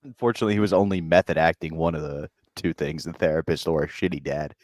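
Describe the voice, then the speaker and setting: A man's voice: rumbling low, steady tone, quick pace, a little mellow, no echo. A man co-hosting a comedy podcast, chiming in with dry one-liner quips in casual banter. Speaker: podcast co-host.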